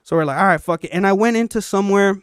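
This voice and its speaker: A man hosting a podcast tells a story in a loose, animated and profane way, acting out the people in it. His voice sits a little high and sounds smooth and clear, recorded close and dry. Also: very fast, dry recording. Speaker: podcast host. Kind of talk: casual storytelling chat.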